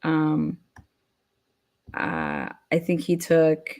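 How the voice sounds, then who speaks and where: A woman's voice: low-pitched, big pitch swings, extremely slow, a little mellow. A woman giving blunt, profane casual commentary, often acting out what others might say. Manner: blunt, profane, acts out people in quoted rants.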